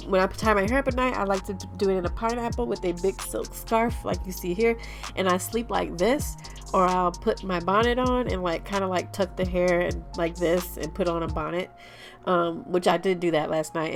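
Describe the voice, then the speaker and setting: A young woman vlogging a hair tutorial at home, sounding stuffy-nosed and out of breath, chatting casually and apologetically with viewers. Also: on the low side. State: out of breath, congested.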